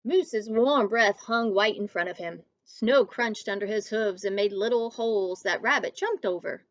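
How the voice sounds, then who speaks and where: A woman teacher reading a picture book aloud to children, expressive, stopping to talk to her students. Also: medium pitch, moderate pace, dry recording, dull audio.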